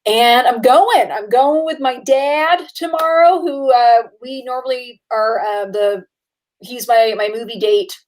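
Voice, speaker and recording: A young woman chats eagerly about movies, her voice sitting a little high. She talks in bursts full of fillers and laughs, sounding like a relaxed podcast co-host. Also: a little slow. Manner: chatty and excitable, with frequent fillers and laughs. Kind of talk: casual movie chat.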